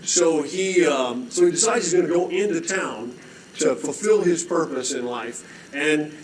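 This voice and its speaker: A middle-aged man telling a story as a guest, animated, with frequent restarts and throat-clearing. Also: a little high, a little slow, a little hiss or hum. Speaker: rescue mission director, guest. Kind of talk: storytelling, conversational preaching. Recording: echoey room.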